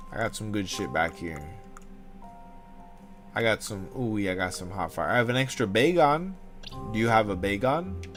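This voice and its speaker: A young man chatting casually on a game livestream, rambling from one joke to the next, swearing freely and calling his viewers dude. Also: mid-range voice. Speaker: livestream gamer. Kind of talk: casual livestream chat while playing. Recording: game music playing under voice.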